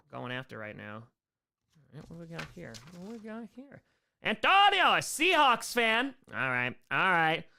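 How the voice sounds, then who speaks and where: Animated New York man hosting a stream. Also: fairly high pitch, clean tone. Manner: excitable, hype shouts, repeats thanks over and over. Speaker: sports comedian hosting a live stream Q&A. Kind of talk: casual live stream chat, reading fan mail and viewer questions.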